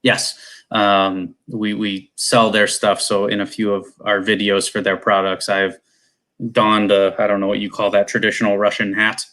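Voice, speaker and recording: A man talks in a lowish voice as a guest on a live show. He is joining over a video call. His delivery is loose and rambling, like easy conversation between friends. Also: level tone, normal speed, a bit bright. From Cleveland, USA. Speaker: guest, competition airgun shooter. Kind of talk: casual conversation.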